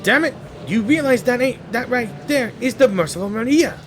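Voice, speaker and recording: A man voicing a brash, hot-tempered male gambler in a game story, shouting his demands. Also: high voice, very animated, drawn-out words, slight background noise, pitched above the performer's own voice, exaggerated voice. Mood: blustering. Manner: loud blustering outbursts.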